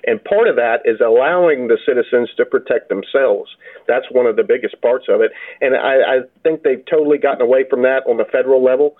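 A man, a county sheriff, answering interview questions in a steady, plainspoken way. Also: medium pitch, a little fast. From Florida. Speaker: sheriff, guest. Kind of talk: phone-in interview. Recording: tinny phone line.

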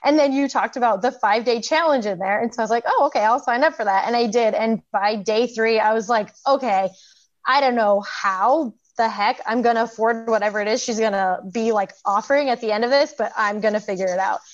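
A woman's voice: on the high side, fairly quick, highs cut off. A woman in her thirties, a program graduate, telling her story casually with many fillers and frequent laughs. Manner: chatty, lots of fillers, laughs often.

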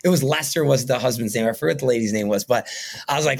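A man's voice: medium pitch, quick pace, creaky, fairly bright tone. A man talking casually as a podcast guest, earnest and rambling, often tagging his sentences with "right?" and "you know what I mean?". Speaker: podcast guest, painting company owner. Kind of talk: casual interview talk.

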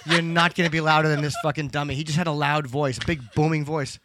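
Man, middle-aged, somewhat high voice, podcast chat, swears freely, acts out quotes. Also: little pitch movement, fast, noisy background. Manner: loud, profane, storytelling with quoted voices. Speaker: comedian and podcast guest.

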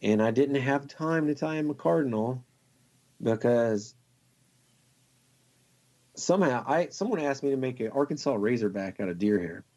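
A man, a fly tier, telling a long story in a casual, excited, rambling way and laughing often. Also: medium pitch, moderate pace, pauses often.

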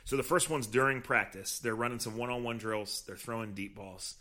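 Man, podcast co-host, mid-pitched voice, animated storyteller, casual chat. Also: brisk. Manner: animated storyteller who acts out quotes. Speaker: podcast co-host, team reporter.

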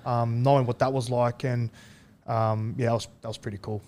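Young man, casual interview guest, halting and relaxed, lots of fillers, mid pitch. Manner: relaxed, halting, many fillers and restarts, laughs through stories. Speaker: interview guest, rugby league player.

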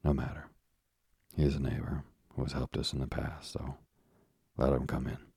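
An earnest young sailor pleads eagerly with his father in a storybook reading, as a male narrator puts him on. The voice is deep, gravelly and husky despite the youth of the figure, with a flat, even delivery. The sound is dry and close. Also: moderate pace, no room sound, exaggerated voice.

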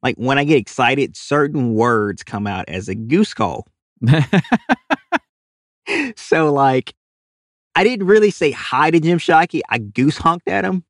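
A man's voice: mid-range voice, expressive, unhurried, no echo. A young man from with a drawl tells a story as an interview guest. He acts out the other people in it, laughing as he goes. His voice sounds close and dry, with no room sound. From Louisiana. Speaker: guest, animal caller.

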